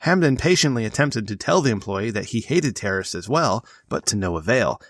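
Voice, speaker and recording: A man's voice: on the low side, very animated, a little fast, fairly bright tone, no room sound, clean studio sound. Blunt, profane male podcast host. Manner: blunt and profane, with loose asides. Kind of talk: casual chat and reading news stories aloud.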